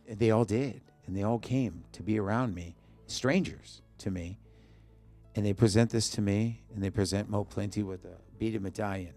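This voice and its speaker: A man with a very deep, gravelly voice tells a personal story as a guest in a podcast studio. He talks in short bursts, acting out the lines of the people in his story, and his rough low tone sits close to a studio mic. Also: moderate pace, dark tone, soft background music. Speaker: musician guest. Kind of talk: emotional personal storytelling in an interview.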